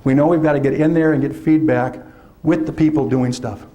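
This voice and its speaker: Animated, high-voiced man lecturing teachers. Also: fairly quick. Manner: lively, acts out teachers in put-on voices. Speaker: workshop presenter. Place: lecture hall.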